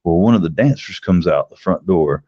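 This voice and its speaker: Deep-voiced guy rambling through a story, cussing a lot, dull dry lo-fi sound. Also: animated, moderate pace, dark tone, breathy edge, no echo. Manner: rambling, profane, acts out quotes with raised pitch. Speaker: livestream host telling a story. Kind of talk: casual storytelling.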